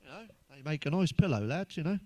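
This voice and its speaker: An English man doing a stand-up routine of crude, blunt one-liners, full of swearing, who pitches up when he quotes other people. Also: lively intonation, fast, warm tone, dry recording, highs cut off. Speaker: stand-up comedian.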